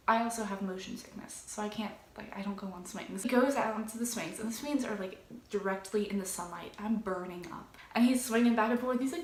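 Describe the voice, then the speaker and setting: A woman's voice: mid-range voice, fast, echoey room. A young woman from Louisiana casually telling a dating story, acting out quotes as she goes. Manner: chatty, animated retelling with acted quotes. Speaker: vlogger.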